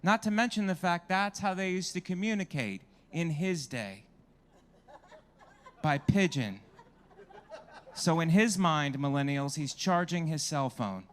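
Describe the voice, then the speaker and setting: A man's voice: fairly high pitch, expressive, a little slow, pauses often. A man doing a stand-up comedy set on a club stage, brash and crowd-working, swearing freely into a handheld mic.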